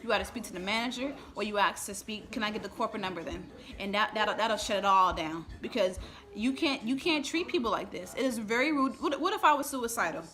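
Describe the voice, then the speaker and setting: Her voice fairly high and bright, with lively intonation and a fairly quick pace, this vlogger rambles upset on a home live stream. She's irritated and emotional, restarts a lot, and children's voices chatter behind her.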